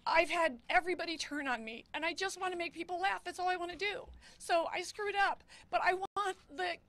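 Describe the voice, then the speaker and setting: High-voiced joking woman in her fifties. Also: fairly quick, fairly bright tone. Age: 50s. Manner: joking, self-mocking, nervous. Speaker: comedian. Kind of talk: press conference statement.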